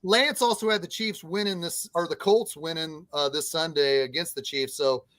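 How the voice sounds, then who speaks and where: A man's voice: fairly high pitch, steady tone, a bit bright, no room sound. Earnest man breaking down football. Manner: earnest, measured analysis with fillers. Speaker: podcast co-host. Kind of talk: casual sports chat.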